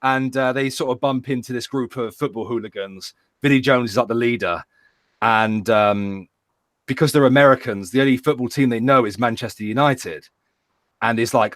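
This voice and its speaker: British male co-host, mid-pitched, rambling casual chat, dry mic. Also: moderate pace, no room sound. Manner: rambling, stammering repeats, animated retellings. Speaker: podcast co-host.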